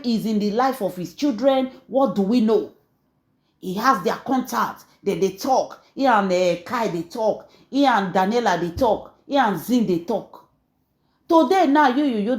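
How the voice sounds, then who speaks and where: A woman's voice: medium pitch, a little mellow, reverberant. A Nigerian woman hosting a gossip channel, talking in a chatty, mocking way as she mixes Pidgin and English in celebrity gossip commentary.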